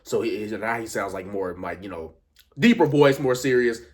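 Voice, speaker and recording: A man giving a casual, animated reaction recap of a wrestling event, full of fillers and excited asides. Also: on the low side, normal speed.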